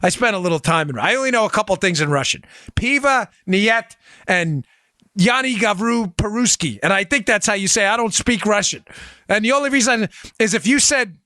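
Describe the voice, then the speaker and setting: A man hosting a political podcast, talking in a sarcastic, animated way full of mocking asides. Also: high-pitched, normal speed, no room sound. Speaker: podcast host. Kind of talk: opinionated political commentary.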